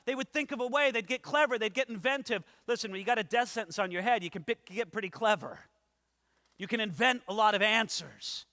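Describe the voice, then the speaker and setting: A man's voice: sits high, brisk, sharp tone. A man pastor preaching an expository sermon in a church, emphatic and dramatic, acting out the people in the story. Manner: dramatic, acts out scripture characters, emphatic. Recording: long hall reverb.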